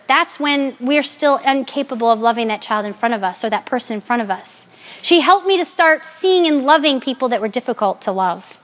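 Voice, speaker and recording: A woman in her forties gives a personal faith talk to a gathered audience. Her voice sits high, and she speaks candidly and with animation, mixing in jokes. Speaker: Catholic speaker.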